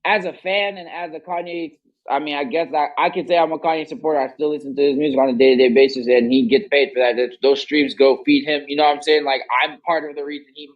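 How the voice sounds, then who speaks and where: A man's voice: on the high side, fairly even intonation, quick pace, highs cut off. A young man hosting a casual podcast chat, talking in long rambling runs full of slang and swearing. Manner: rambling, emphatic, heavy slang and profanity. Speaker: podcast host.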